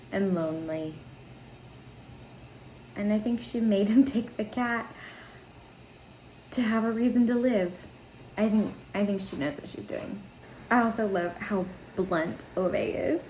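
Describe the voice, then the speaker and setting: A woman's voice: mid-range voice, darkish tone. Chatty woman vlogging about a book. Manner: chatty and rambling, with frequent ums and laughs. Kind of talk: casual book discussion. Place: home with cats and laundry running. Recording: echoey home room with faint noise.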